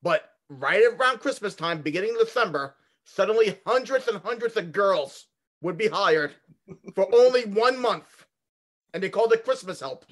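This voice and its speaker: A man, reminiscing in an unhurried, measured way in casual chat. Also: high-pitched, animated, a bit bright. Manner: nostalgic, measured storytelling.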